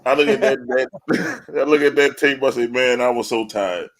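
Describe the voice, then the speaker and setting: A man's voice: mid-range voice, moderate pace, fairly bright tone. Male podcast host, laughing storyteller, casual and profane. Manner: laughing storyteller, swears freely. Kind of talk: casual chat.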